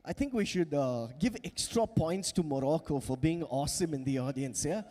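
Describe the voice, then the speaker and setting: A man's voice: on the high side, animated, normal speed, a little mellow. A man beatboxing on stage, teaching and coaxing the audience with lots of energy. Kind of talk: live stage crowd work. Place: large event hall with audience. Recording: long hall reverb.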